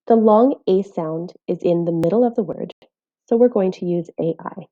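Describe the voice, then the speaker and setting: A woman teaching phonics in a scripted voice-over, speaking clearly and carefully while sounding out letters. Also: fairly low pitch, normal speed, dark tone, lo-fi sound. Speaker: literacy teacher.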